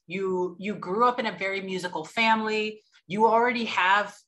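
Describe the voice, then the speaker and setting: A woman asks an interview guest questions in a relaxed, conversational way. Her voice is bright and mid-pitched, and she sometimes pauses to find the right words.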